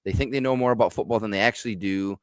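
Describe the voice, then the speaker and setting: A man's voice: fairly low pitch, racing, smooth, dry recording, clean studio sound. A man from Michigan's Upper Peninsula with a Yooper accent, giving frank, opinionated takes as a guest in casual sports talk. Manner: opinionated, frank, stammering restarts.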